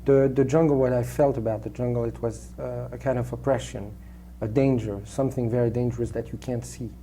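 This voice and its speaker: A man with a French accent, a native French speaker raised in Switzerland, answering interview questions in a halting way with many restarts and fillers. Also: medium pitch, steady tone, dark tone, slight background noise. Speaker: actor, interview guest.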